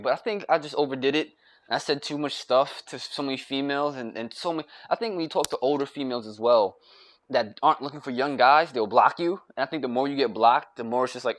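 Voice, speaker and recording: A man's voice: mid-range voice, lively intonation, brisk. A young man from the United States vents in a grumpy monologue straight to camera. He circles back on himself, repeats phrases and restarts sentences, with casual swearing throughout. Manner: rambling and repetitive, profane, restarts often. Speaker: vlogger.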